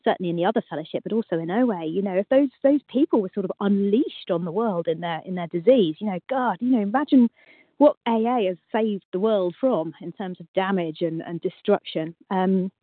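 A woman's voice: medium pitch, a little fast, husky, no echo. Reflective English woman, thin dry line. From England, UK. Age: 40s. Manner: reflective, hesitant, many "um"s. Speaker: meeting member sharing. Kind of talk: casual sharing at a recovery meeting. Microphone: video call. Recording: dry tinny phone-like line.

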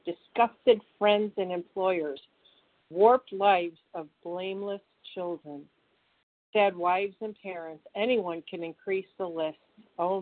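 A woman's voice: lowish voice, no echo. A woman caller sharing her recovery story at a phone meeting, heartfelt and emphatic. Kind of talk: personal recovery share. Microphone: phone call-in. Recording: dry tinny phone line.

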